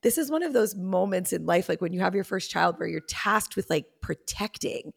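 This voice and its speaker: Gravelly-voiced woman therapist. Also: on the low side, expressive, normal speed. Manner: warm reassuring explanations, frequent "like". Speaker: therapist guest. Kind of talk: casual podcast conversation.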